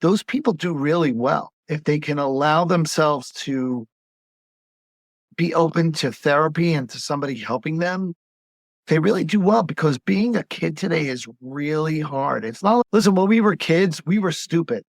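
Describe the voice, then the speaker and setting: A man's voice: fairly high pitch, moderate pace, no room sound, studio quality. A man who is a pediatric gastroenterologist, talking in a casual podcast conversation and telling stories as he acts out the voices of patients' parents.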